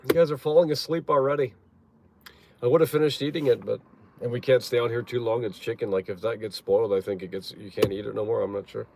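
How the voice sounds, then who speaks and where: A man talking casually on a live stream from his parked car, rambling, blunt and quick to swear. His voice sits at an ordinary middle pitch, and faint background noise is heard behind him. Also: steady tone, gravelly. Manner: rambling, blunt, profane, many fillers. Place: parked car in a parking lot.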